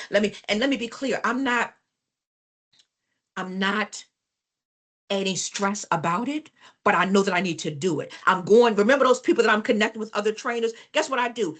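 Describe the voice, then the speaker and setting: A woman's voice: mid-range voice, husky. A woman trainer giving a live business workshop, telling stories with emphasis, repeating phrases and speaking directly to the class. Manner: animated, emphatic storyteller addressing the class.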